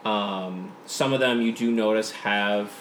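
A man's voice: on the low side, takes it slowly, fairly bright tone. Man, game master, hesitant narration, roomy room, background noise. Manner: hesitant, many fillers.

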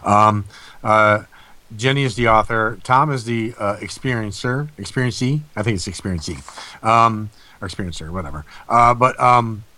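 A man's voice: fairly low pitch, normal speed, bright, forceful tone. A man hosting a paranormal talk show, telling a rambling personal story full of fillers. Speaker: host. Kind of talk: casual storytelling.

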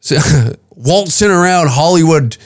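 A man's voice: a little high, animated, unhurried. A man in his fifties hosting a comedy podcast, ranting in a profane, rambling, incredulous way. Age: 50s. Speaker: podcast host.

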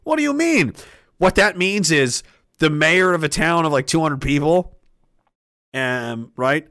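Male vlogger, rambling and profane, lively and bright, dry close mic. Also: a little high, unhurried, dry recording. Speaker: commentator. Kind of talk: political commentary vlog.

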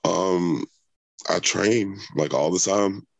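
Deep-voiced man telling a story. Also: slow pace, vocal fry, dry recording. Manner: rambling, many fillers and restarts. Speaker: interviewee. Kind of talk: conversational storytelling.

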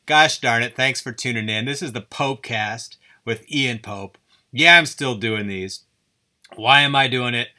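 A man's voice: medium pitch, measured pace, pushed and bright. A man hosting his own podcast, rambling through a goofy, self-deprecating solo monologue. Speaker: podcast host.

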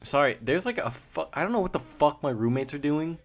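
A man co-hosting a casual podcast from home, loose and profane and quick to laugh at himself. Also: on the high side, lively intonation. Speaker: podcast co-host. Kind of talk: casual chat. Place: home with roommates.

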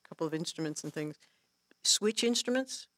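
A woman guest teaching songwriting in a casual workshop talk, animated and laughing often, acting out her own inner thoughts as she tells stories. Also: sits low, fairly quick, no room sound. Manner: laughs often while explaining.

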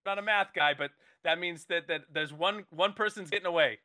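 Bright-voiced man pitching a movie playfully. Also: a little fast. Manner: rambling, playful, with self-interrupting restarts. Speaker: comedy podcast co-host. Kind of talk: improvised comedic pitch.

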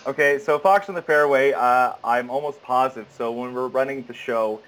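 A young actor chats in an interview and rambles freely. He stops and restarts often and fills the gaps with fillers. His pitch sits in a middle range for a man. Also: moderate pace, fairly bright tone, rough recording. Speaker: stage actor guest. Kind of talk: casual interview.

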